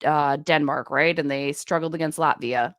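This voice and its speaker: A woman co-hosting a podcast, chatting casually about hockey and rattling off stats and player names at a brisk clip. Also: deep voice, fairly even intonation, no echo, clean studio sound. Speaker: podcast co-host.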